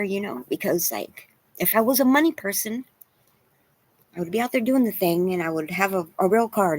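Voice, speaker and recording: A woman vlogger venting to camera, rambling and self-deprecating, at times crying. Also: on the low side. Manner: rambling, tearful, self-deprecating, with many "you know"s.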